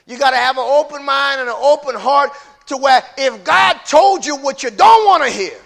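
A male pastor with a strikingly high, bright, piercing voice preaches an impassioned sermon, moving between hushed, intimate passages and shouted peaks. He addresses his congregation directly with folksy asides. At normal speed, his voice turns creaky, and some chatter is audible behind him.

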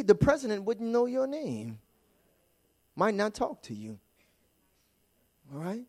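Male preacher, high and lively voice, shifts between hushed asides and shouted praise. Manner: fervent call-and-response preaching, swings from quiet to shouting. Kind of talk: sermon. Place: church sanctuary.

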